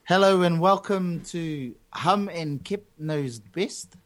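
A man's voice: a little high, slow, a bit bright, faint music behind. A Māori-speaking man hosting a casual podcast, rambling and joking. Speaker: podcast host.

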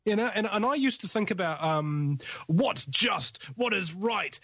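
A male radio host in a casual interview chat, talking in a rambling, animated way with many restarts. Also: high voice, a little slow, dry recording.

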